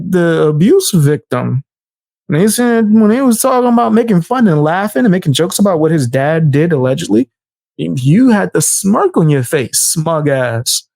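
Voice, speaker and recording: Gravelly, animated man reacting to clips. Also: sits high, dry recording, clean studio sound. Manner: animated, laughing, slangy asides. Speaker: commentary streamer reacting to clips. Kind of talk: casual reaction commentary.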